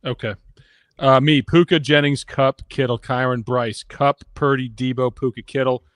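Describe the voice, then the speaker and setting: A man hosts a casual fantasy football and betting show in a mid-range voice. He runs through picks briskly and ribs his co-hosts between them. The sound is dry and close, with no room tone. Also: medium pitch, fairly even intonation, no echo. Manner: brisk, runs the draft order, teasing. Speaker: podcast host. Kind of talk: casual sports betting chat.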